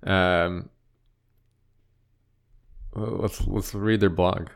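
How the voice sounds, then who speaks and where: A man with a fairly low voice chats casually as a podcast co-host. His manner is dry and offhand, moving easily from remark to remark. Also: fairly even intonation, extremely slow, vocal fry. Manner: dry, offhand, reads aloud in a mock announcer voice. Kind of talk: casual chat.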